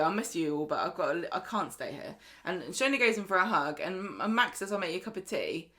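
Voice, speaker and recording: A woman's voice: lowish voice, expressive, brisk, hardly any pauses, a bit bright. A woman co-hosting a podcast, chatting casually as she reads out plot notes and laughs easily. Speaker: podcast co-host. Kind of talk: casual chat recapping episodes.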